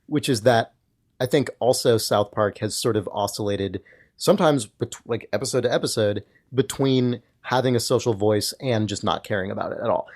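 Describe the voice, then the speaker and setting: A man's voice: on the low side, moderate pace, a little mellow. A man co-hosting a podcast in casual discussion, thinking aloud in long, hedged sentences full of filler words. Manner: thoughtful, hedging, many filler likes. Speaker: podcast co-host.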